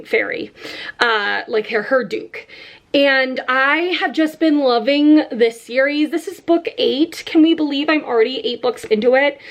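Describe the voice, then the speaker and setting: A woman with a notably high voice runs through her reading list in an easy, casual way. Her talk is loose and chatty, full of fillers and quick asides, and she speaks close to the mic. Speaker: book vlogger. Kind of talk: casual chat about books.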